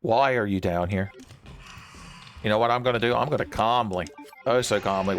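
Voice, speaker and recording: A man's voice: fairly low pitch, moderate pace, music in the background. A man hosting a let's play, joking around and talking to the enemies on screen while he plays. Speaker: gaming channel host.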